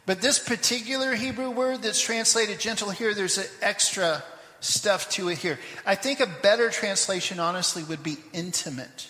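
A high, bright-voiced man preaches from the pulpit, his voice ringing through a big echoey church with a long reverb tail. He reads scripture passages with swelling force, then slips into quicker, softer asides to the congregation. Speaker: pastor. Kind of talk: sermon. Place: church sanctuary.

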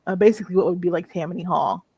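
Woman, movie review co-host, casual chat, animated plot recap, dry close sound. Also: fairly low pitch, racing, slightly rough, no room sound. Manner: animated storytelling with frequent laughter.

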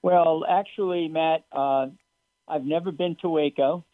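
A man's voice: fairly high pitch, fairly even intonation, a little slow, no room sound. A man speaking as a sports psychologist guest on a radio show, earnest and emphatic, asking rhetorical questions. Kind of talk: phone-in radio interview. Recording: tinny phone line.

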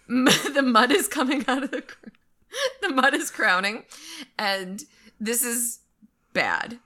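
A woman's voice: on the high side, slow pace, pauses often, bright, forceful tone. A woman co-hosting a podcast in casual chat, retelling a story and acting out quotes in silly voices. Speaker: podcast co-host.

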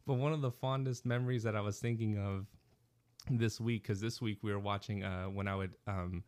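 A man co-hosting a podcast, telling stories in a casual, animated way and laughing often. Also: fairly low pitch, a little fast. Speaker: podcast co-host. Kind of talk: casual chat.

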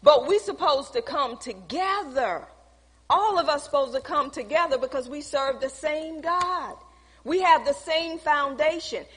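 High-voiced woman pastor preaching. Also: animated, unhurried. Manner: storytelling, reenacting conversations, preachy emphasis. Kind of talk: sermon with personal testimony. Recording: long hall reverb.

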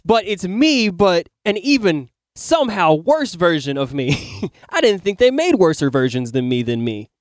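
A man hosting a podcast in casual chat, animated as he acts out his own lines and swears freely. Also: sits high, normal speed, hardly any pauses, dry recording. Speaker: podcast host. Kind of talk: casual chat, telling a dream.

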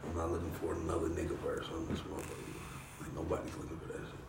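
Deep gravelly man coaching bluntly. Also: monotone, quick pace, reverberant, far from the mic, noisy background. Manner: blunt, profane, insistent. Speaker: music producer. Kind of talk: coaching a rapper in a studio session.

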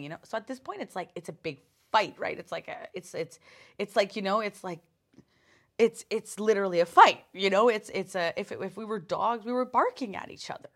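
A woman hosting her own podcast, telling a personal story in a casual, animated way, with lots of swearing, fillers and restarts. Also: medium pitch, a little fast. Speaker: podcast host.

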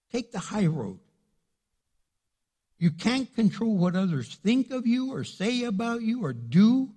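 Animated husky pastor preaching in a sanctuary. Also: male voice, sits high, in a large hall. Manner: casual, animated, acts out quoted complainers. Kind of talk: sermon. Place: church sanctuary.

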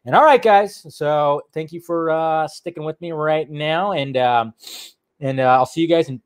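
A man's voice: on the high side, moderate pace, smooth, no echo, studio quality. A man hosting a casual livestream, rambling and laughing as he wraps up the show. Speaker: livestream host.

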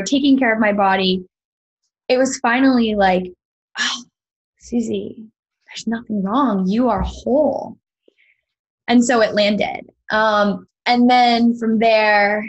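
Breathy woman, podcast guest, earnest storyteller, animated. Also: medium pitch, highs cut off. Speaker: podcast guest, sound healer. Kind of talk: personal storytelling in an interview.

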